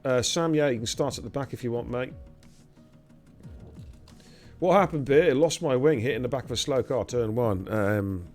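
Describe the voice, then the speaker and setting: A man's voice: mid-range voice, moderate pace, long pauses, a little mellow, faint music behind. A man hosting a racing league live stream, bantering and teasing the drivers in casual commentary. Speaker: race league host.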